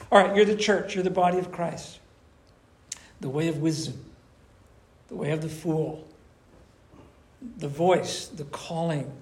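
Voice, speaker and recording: A man preaching a conversational sermon to his church, animated and acting out little voices as he talks. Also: a little high, measured pace, pauses often. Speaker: pastor.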